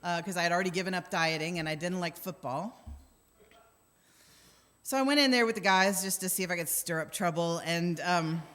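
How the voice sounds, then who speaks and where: A woman's voice: lowish voice, a little fast, a bit bright. A middle-aged woman minister telling wry, self-deprecating stories in a conversational sermon, acting out the quotes. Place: church sanctuary. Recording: long church hall reverb.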